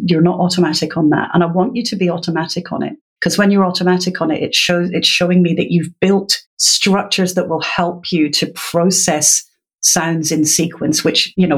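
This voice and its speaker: A woman's voice: fairly low pitch, slightly rough. A woman guest in an interview, patiently explaining in a teacherly way and laughing now and then. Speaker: literacy educator guest.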